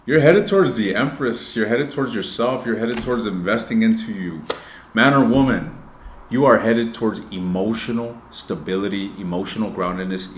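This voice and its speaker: A man's voice: fairly low pitch, a little hiss or hum. A man giving a casual tarot reading to camera, blunt and profane, talking straight to his viewers and moving between joking asides and earnest advice. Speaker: tarot reader. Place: indoor room. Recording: roomy echoey room.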